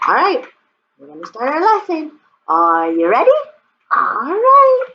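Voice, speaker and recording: High animated woman teaching toddlers. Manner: exaggerated, animated, sing-song. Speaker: preschool teacher. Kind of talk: singsong lesson for toddlers. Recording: dull lo-fi sound, faint background noise.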